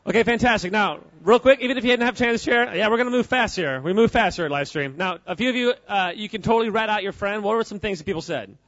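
Guy joking around with a crowd, voice a bit high, dry dull sound. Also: fast talker, few pauses, a bit bright, dry recording. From United States. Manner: playful, joking, quizzes the crowd. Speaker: speaker at a church gathering. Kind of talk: informal talk to a live audience.

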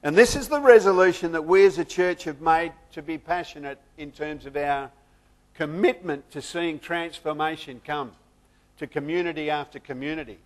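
A man pastor who prays softly, then preaches a sermon with lively humor and jokes. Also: fairly high pitch, moderate pace.

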